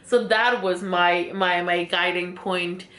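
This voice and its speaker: A woman's voice: fairly low pitch, fairly even intonation, slow pace, a bit bright. A young woman vlogger telling a story casually while doing her makeup, laughing often and using many fillers. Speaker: beauty vlogger. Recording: echoey room.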